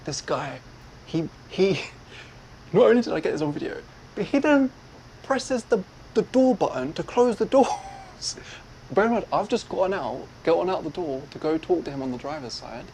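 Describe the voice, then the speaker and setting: Animated man telling a story. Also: high-pitched, fairly quick, slight background noise, low-quality recording. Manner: animated, acts out other people's lines. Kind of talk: casual retelling.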